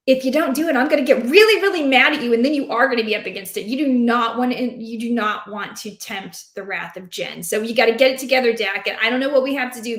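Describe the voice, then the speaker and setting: A woman chatting about fantasy football in an animated, rambling, playful way. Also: on the high side. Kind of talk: casual sports chat. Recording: roomy echo.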